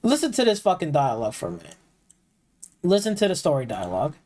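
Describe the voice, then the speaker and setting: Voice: medium pitch, huge pitch swings, fast, darkish tone. A game streamer ranting about a racing game in a profane, heated, repetitive way, now and then mocking its dialogue in exaggerated put-on voices.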